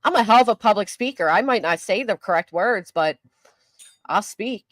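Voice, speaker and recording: A chatty older woman talking through a live stream and poking fun at herself. Her pitch sits in a middle range. The sound is dry and close, with no room around her. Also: expressive, moderate pace, a bit bright, no room sound. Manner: chatty, self-mocking, talks back to chat. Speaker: YouTube commentary host. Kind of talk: casual live-stream commentary.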